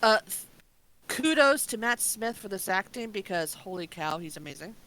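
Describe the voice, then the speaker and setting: Casting: woman with a bright, sharp voice, playful co-host on a review podcast. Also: medium pitch, animated, moderate pace, rough recording. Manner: playful, insistent, laughing. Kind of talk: casual review chat.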